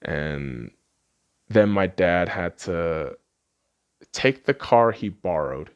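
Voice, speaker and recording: This late-twenties podcast host from Las Vegas, USA, has a low, expressive, smooth voice and speaks very slowly over lo-fi sound. He swears a lot and keeps repeating himself, tearing up as he shares an emotional personal memory in monologue.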